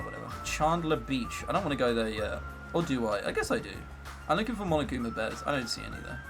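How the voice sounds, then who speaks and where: Chatty sweary streamer man. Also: medium pitch. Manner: chatty, swears a lot, joking asides. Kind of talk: casual let's-play commentary.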